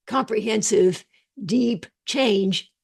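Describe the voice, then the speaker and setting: An older woman psychotherapist giving an animated, digressive lecture over a video call. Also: mid-range voice, extremely slow, creaky, slightly rough. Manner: animated, digressive, laughs at own jokes. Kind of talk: online lecture.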